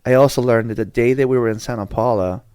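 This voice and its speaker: A man's voice: medium pitch, fairly even intonation, fast, a little mellow, clear, resonant tone, dry recording. Dry-voiced man telling a rambling story. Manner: rambling, slangy, lots of restarts. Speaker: podcast host. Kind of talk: casual storytelling chat.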